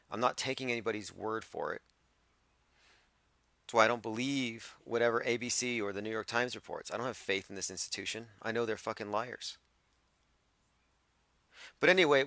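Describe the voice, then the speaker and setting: A man with a gravelly, bright-edged voice hosts a livestream from a home computer setup. He rants in a combative, dismissive way, talking casually to his chat. The sound is dry and close. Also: on the low side, no room sound. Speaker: livestream host.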